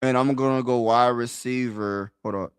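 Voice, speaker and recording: Guy streaming to his chat, aave slang, keeps repeating himself, mid pitch, dry close sound. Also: steady tone, moderate pace, smooth, no echo. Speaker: sports streamer. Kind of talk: live-stream mock draft chat.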